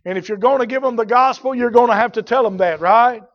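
A man preaching a sermon, swinging from loud shouts to quiet, drawn-out emphatic words. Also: very high voice, lo-fi sound.

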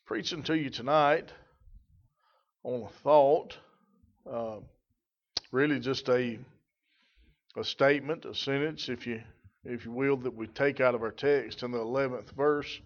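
A man preaching an evening sermon, slow and emphatic on key points, with frequent "uh" fillers. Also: mid-range voice, highs cut off. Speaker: pastor.

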